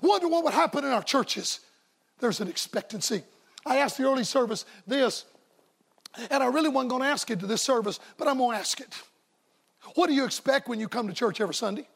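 A man preaching a revival sermon as a staff evangelist, folksy and emphatic, sometimes rising to shouts. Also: extremely high pitch, lively intonation, a little fast, vocal fry, husky.

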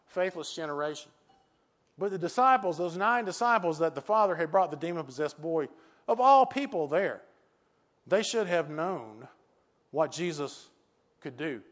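An older man preaching a sermon with earnest, repetitive phrasing and many rhetorical questions. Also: on the high side.

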